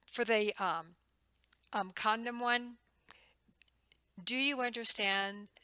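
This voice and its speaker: Woman teaching a class, bright crisp voice, dry close sound, talks it through like a chat. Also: medium pitch, dry recording, rough recording. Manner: conversational, acts out questions to patients. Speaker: nursing instructor. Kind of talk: recorded lecture.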